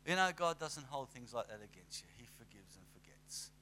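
Lively conversational male preacher. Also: medium pitch, a little fast, slight background noise. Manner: conversational, animated with acted asides. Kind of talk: sermon.

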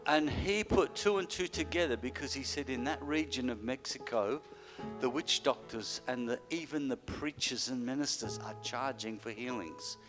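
A man preaching a sermon, telling a healing story and building to loud, high-pitched exclamations at the climaxes. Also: moderate pace. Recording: music playing behind the voice. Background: guitar music.

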